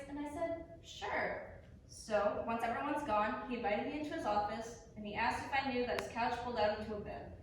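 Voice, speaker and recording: A woman's voice: fairly high pitch, a little hiss or hum, close to an everyday voice. A young woman acting on stage as a blunt, ambitious young legal secretary who swears and laughs easily. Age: young adult. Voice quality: brash, swearing, quick to laugh. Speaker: student actor. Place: theater stage. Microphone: far camera. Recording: echoey stage heard from far off.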